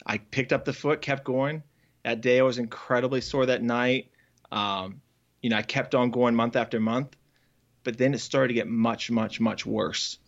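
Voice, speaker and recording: A man speaks earnestly as an interview guest, recounting his past in a halting way, restarting his sentences as he goes. His voice sits at an ordinary pitch. The audio is slightly dull and lo-fi. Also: fairly even intonation, gravelly. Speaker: guest, former farrier. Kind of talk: candid storytelling in an interview.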